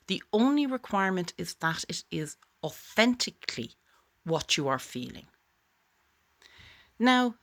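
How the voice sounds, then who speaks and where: Lively, encouraging woman. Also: mid-range voice. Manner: encouraging, chatty, expressive. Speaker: author teaching voice exercises. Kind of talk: direct-to-camera tutorial.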